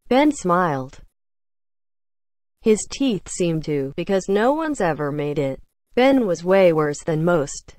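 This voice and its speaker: A woman's voice: on the low side, sing-song, slow pace, a little mellow, no echo. Woman reading a novel aloud. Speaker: reader.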